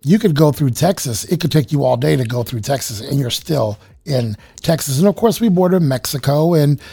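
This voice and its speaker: American host guy, husky and gravelly, kinda high, dry sound. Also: expressive, moderate pace, dry recording. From United States. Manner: warm, affirming, many yeses. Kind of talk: casual chat.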